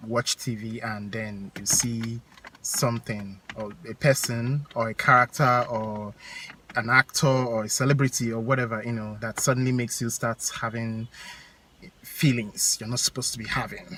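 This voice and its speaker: A young man, co-hosting a casual chat. He reflects with hesitation and lets his sentences trail off quietly. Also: mid-range voice, normal speed, far from the mic, a little hiss or hum, low-quality recording. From Nigeria. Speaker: co-host.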